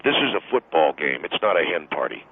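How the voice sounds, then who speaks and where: A man's voice: very deep voice, sing-song, a little fast, husky, pitched below the performer's own voice, full character voice. A man voicing an irritable middle-aged football coach who rants indignantly about wives at games, heard over a phone line. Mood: grumbling. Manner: blustering, indignant ranting.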